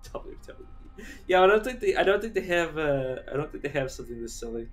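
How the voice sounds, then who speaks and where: A man's voice: fairly high pitch, expressive, a little fast, soft background music. A man giving casual, rambling commentary while streaming a game, chatty and given to casual swearing.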